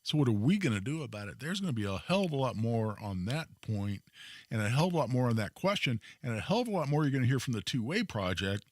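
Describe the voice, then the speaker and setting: A man hosting a talk radio show, telling a story in an emphatic, animated way. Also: medium pitch, fast. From Indiana, US. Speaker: radio host.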